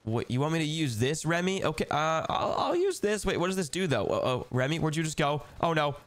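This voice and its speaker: A young adult gaming host giving excited, dramatic play-by-play with role-play, talking straight to the viewers. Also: medium pitch, a little fast.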